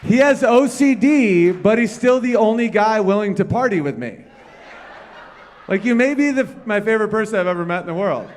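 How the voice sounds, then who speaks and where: A man doing loud, profane crowd work at a piano, teasing someone in a bar. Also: high-pitched, lively intonation, normal speed, a little hiss or hum. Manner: loud, brash and profane, teasing an audience member. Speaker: comedian at the piano. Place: bar or club room. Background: faint piano.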